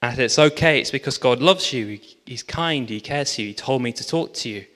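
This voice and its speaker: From the front of a church hall, a pastor tells a story in his sermon with lively energy, acting out the voices of the people involved through quoted dialogue. His voice sits at an ordinary middle pitch for a man, and he talks a little fast. A long reverb from the large room trails after each phrase.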